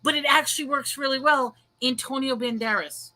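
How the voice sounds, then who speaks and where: Woman, host, casual livestream chat, bright tone, rambling, laughs a lot. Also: high voice, normal speed. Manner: rambling, laughs often, reads viewer comments aloud.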